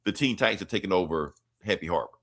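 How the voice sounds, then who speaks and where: Podcast host, young man, lowish voice, loose slangy recap with swearing. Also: animated, quick pace, a bit bright. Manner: rambling, slangy, profane, offhand. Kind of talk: casual comic recap.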